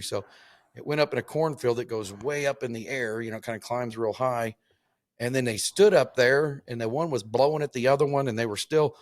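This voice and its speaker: A man, hosting a hunting show, telling a hunting story in a rambling, halting way, with many restarts. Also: mid-range voice, dry recording. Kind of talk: casual storytelling.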